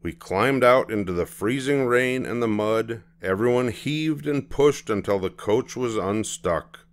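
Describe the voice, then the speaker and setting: An older man reading a children's storybook aloud in a gentle, expressive manner. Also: medium pitch, a little slow. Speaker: storybook reader.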